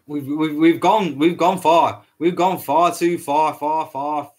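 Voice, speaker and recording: A man's voice: a little high, fairly even intonation, slow pace, darkish tone. A man hosting a solo podcast, ranting in a heated, repetitive way, swearing often and stumbling over his words. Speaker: podcast host.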